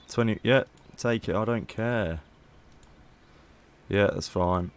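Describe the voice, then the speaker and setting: A man's voice: fairly low pitch, takes it slowly. A man casually commentating gameplay as a YouTuber, chatty and playful. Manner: chatty, playful, haggling asides. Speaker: gaming YouTuber.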